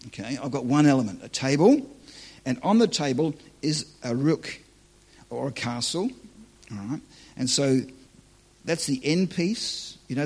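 A man's voice: on the high side, breathy edge. A man preaching live to a church audience, teaching on dreams in a joking, conversational, self-deprecating way.

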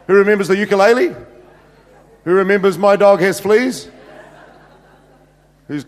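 A man's voice: high-pitched, normal speed, long pauses. A middle-aged man, a senior pastor telling funny stories in a sermon with many fillers. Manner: humorous, anecdotal, many fillers. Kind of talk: sermon storytelling. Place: church hall. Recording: long hall reverb.

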